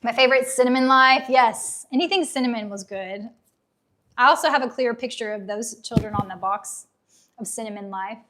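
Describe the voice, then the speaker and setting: A woman in her thirties, casually chatting on a live unboxing stream, reading viewer comments aloud with nostalgic enthusiasm, her voice getting a little hoarse. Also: a little high, moderate pace, pushed and bright. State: losing her voice. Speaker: livestream host.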